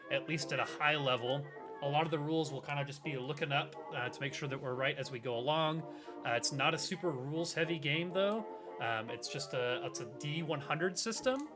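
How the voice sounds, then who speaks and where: A man's voice: a little high, moderate pace. A man in a chatty, loose way explaining the rules as game master of a tabletop game, with lots of fillers. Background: background music.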